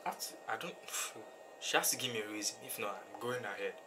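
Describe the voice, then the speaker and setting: A young man as a guest in a casual chat, earnest and halting, restarting his sentences. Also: lowish voice, expressive. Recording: clear background noise.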